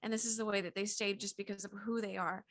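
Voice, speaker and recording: A woman's voice: medium pitch, flat delivery, fast, a bit bright, no echo. A woman voice coach explaining acting tips in an encouraging, hands-on way. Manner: explanatory, encouraging, demonstrates as she talks. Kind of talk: casual coaching chat.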